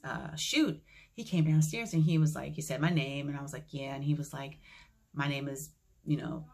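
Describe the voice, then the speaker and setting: A woman with a low voice and a gravelly edge tells a personal story in a casual vlog. She acts out each line of dialogue as she retells it, and her delivery stays calm and reflective. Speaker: vlogger.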